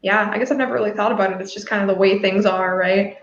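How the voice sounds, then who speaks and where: A woman's voice: medium pitch, fairly even intonation, fast, roomy sound, dull audio. A woman hosting a livestream, chatting casually with guests, laughing often and filling her talk with fillers. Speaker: host.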